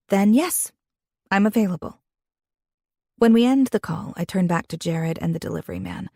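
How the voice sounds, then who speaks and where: A young woman reading a first-person romance audiobook in an expressive, intimate way, with a husky voice. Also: medium pitch, no echo, studio quality. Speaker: audiobook narrator.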